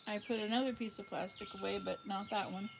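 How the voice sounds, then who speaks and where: A woman's voice: mid-range voice, steady tone, quick pace, creaky, highs cut off, background noise. A woman vlogger chatting casually and rambling from her outdoor garden, recorded on a phone. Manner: chatty, rambling, self-chuckling. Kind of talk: casual live-stream chat. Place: outdoor garden with wind chimes.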